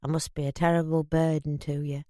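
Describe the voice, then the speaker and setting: Woman doing a gruff Yorkshire father in his fifties. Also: fairly low pitch, lively intonation, moderate pace, no echo, studio quality, lightly acted. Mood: subdued. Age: 50s. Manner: gruff, blunt, grumbling. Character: gruff proud Yorkshire father, aged fifty.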